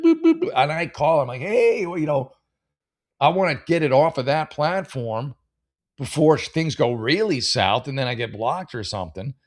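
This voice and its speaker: A man hosting a casual podcast, rambling through online posts and giving blunt advice, with many fillers and some swearing. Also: a little high. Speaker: podcast host. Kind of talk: casual chat reading and advising on online posts.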